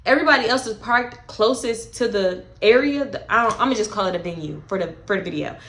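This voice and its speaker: A young woman telling a story in a casual vlog, animated and profane, with dramatic retellings. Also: mid-range voice, quick pace, slight background noise. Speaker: storytime vlogger.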